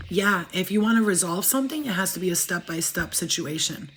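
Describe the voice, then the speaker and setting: A woman chatting casually to livestream viewers as a spiritual reader, fast-talking, profane and emphatic. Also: lowish voice, expressive, a bit bright, a little hiss or hum.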